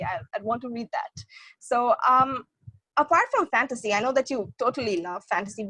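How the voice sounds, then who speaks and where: A young woman hosting a book interview, talking eagerly like an excited fan and laughing between lines. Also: fairly high pitch, dry recording, low-quality recording. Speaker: interviewer, booktube host. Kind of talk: casual interview chat.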